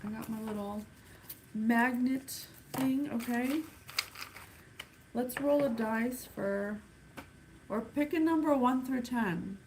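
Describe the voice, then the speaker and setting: A woman doing a casual psychic reading in a slow, unhurried voice, sighing and thinking aloud as she goes. Her voice sits a bit on the high side. A faint hiss of noise runs under the recording. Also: darkish tone, poor audio. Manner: slow, halting, counts things off one by one. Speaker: psychic reader. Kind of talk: casual spirit reading to camera.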